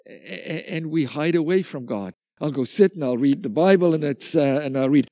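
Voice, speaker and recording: A man preaching a sermon, animated, acting out little dialogues and repeating phrases for emphasis. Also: mid-range voice, a little fast, few pauses, no echo. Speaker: pastor.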